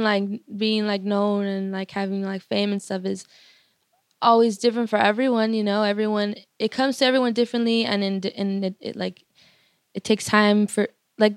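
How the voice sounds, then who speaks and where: A woman's voice: a little high, dry recording, clean studio sound. A young woman, a musician guest, telling stories in a casual, profane way full of filler words. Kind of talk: casual interview storytelling.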